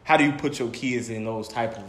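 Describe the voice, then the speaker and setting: A man telling stories in a casual chat. He is animated and profane, and he laughs often as he talks. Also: mid-range voice, brisk, reverberant.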